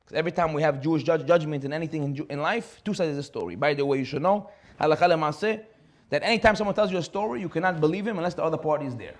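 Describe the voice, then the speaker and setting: A man, a rabbi giving a Torah class, telling a story with lively acted-out dialogue. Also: a little high, racing. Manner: animated, acts out dialogue in a story.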